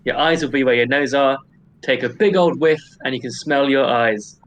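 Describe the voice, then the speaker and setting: A man playing a tabletop game, delivering a goofy infomercial-style pitch. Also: normal speed, a bit bright, lo-fi sound. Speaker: player.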